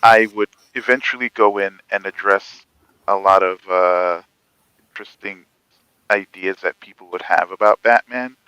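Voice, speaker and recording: Man, very deep voice, bright smooth tone, halting and rambling, dry close sound. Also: steady tone, no echo, poor audio. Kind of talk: casual chat.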